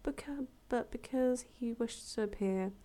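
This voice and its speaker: A woman reading a fable aloud as a storyteller, relaxed and chatty, with casual asides and self-corrections. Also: on the high side, measured pace.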